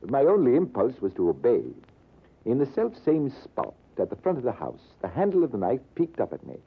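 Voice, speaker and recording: A man playing a British army major telling a tale in a dramatic, measured 1940s radio style, with a husky voice. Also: medium pitch, wildly swooping pitch, heavily acted. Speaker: storyteller. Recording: narrow lo-fi old radio broadcast.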